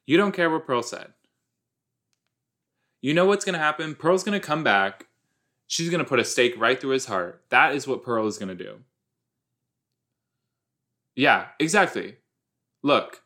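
With a mid-range voice, an unhurried pace and long pauses, a man hosting a podcast reacts to a TV episode he's watching. He's casual, chatty and animated, exclaiming a lot.

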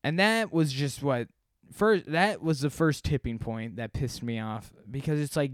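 A man's voice: mid-range voice, moderate pace, dry recording, studio quality. A man telling a story from his job in a casual, rambling, profane way, with many fillers and self-deprecating asides.

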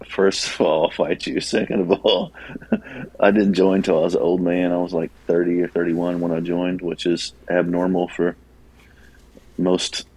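A man's voice: sits low, little pitch movement, a little slow, a little mellow, rough recording. A man in his forties, a podcast guest, chatting casually and teasing the others. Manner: teasing, laughs often.

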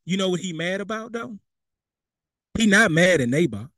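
A man's voice: sits high, lively intonation, moderate pace, a bit bright, dry recording. Fervent young male preacher, dry close sound. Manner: conversational preaching with vernacular asides and quoted voices. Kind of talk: sermon.

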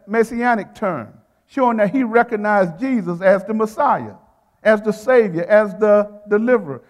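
A man's voice: extremely high pitch, in a large hall. A male preacher delivering a sermon in a rhythmic, repeating style. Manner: rhythmic, repeats phrases, calls to the congregation.

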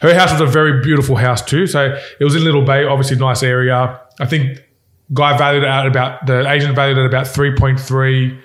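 A man, a company co-founder, telling a story in a casual interview. He rambles and restarts his sentences often, retelling events in an animated way. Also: medium pitch, fairly quick. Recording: echoey room.

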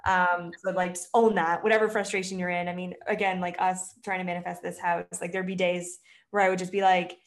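A woman's voice: lowish voice, brisk. A woman guest on a podcast, a mindset coach, chatting casually and animatedly. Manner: animated, swings into playacted quotes. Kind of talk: casual chat.

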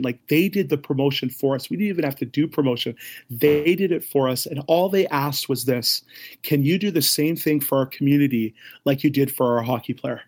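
With a fairly high pitch, a middle-aged ministry leader tells a vivid story as an interview guest. He keeps laughing and performs the voices of the people involved.

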